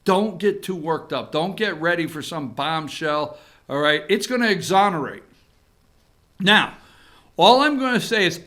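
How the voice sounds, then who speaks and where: A man's voice: high-pitched, lively intonation, normal speed, sharp tone. A male talk show host giving a sarcastic opinion monologue on the news, speaking straight to his viewers. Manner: sarcastic, talks to viewers directly.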